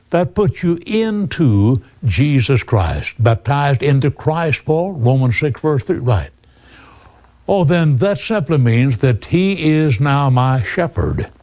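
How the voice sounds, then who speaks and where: A man's voice: mid-range voice, mellow. An older man preaching a sermon, earnestly quoting scripture with chapter and verse and asking rhetorical questions.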